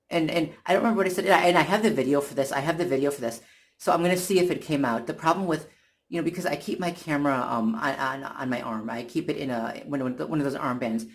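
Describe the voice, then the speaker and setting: Halting, irritated vlogger retelling an incident. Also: medium pitch. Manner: halting, many restarts and repeated words. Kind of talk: casual first-person account.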